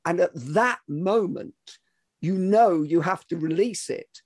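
A man's voice: high voice, slow pace, dry recording, clean studio sound. A man hosting a podcast, reflecting and explaining ideas in conversation. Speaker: podcast host. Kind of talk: conversational interview.

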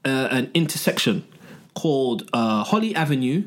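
A man's voice: medium pitch, normal speed. A man co-hosting a casual podcast, telling stories with jokes. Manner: joking, animated storytelling. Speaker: podcast co-host.

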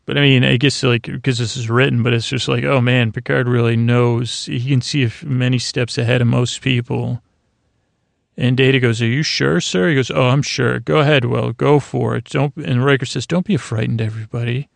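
A man with a gravelly, mid-pitched voice casually recaps an episode, rambling and restarting as he goes. The sound is dry and close, with no room around him. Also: fairly even intonation, normal speed, no echo. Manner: loose, rambling retelling full of fillers and restarts. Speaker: podcast host.

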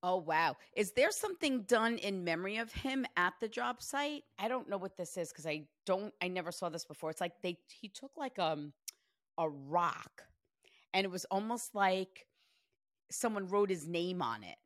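A woman's voice: on the low side, lively intonation, moderate pace, dry recording. Chatty woman medium, dry close sound. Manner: chatty, relays spirit messages with quoted voices. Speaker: psychic medium host. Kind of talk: casual reading session.

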